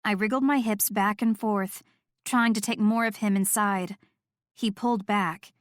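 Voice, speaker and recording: A woman with a mid-range voice reads first-person audiobook narration. Her delivery is steady and intimate. The sound is dry and close to the mic. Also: medium pitch, measured pace, dry recording.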